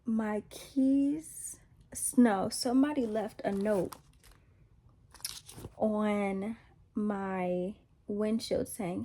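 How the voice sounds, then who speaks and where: A woman's voice: medium pitch, extremely slow, long pauses, warm tone. A woman telling a personal faith testimony in a casual, rambling way, repeating herself and poking fun at herself. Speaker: vlogger sharing a faith testimony.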